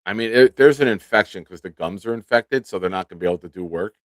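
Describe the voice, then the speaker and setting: A man in his forties hosts a live fan show with a lowish voice, talking in a relaxed, self-deprecating way. He chats straight to viewers. The mic sounds close and dry. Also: fast, no room sound. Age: 40s. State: nursing a swollen tooth. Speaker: podcast host. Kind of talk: casual live-stream chat.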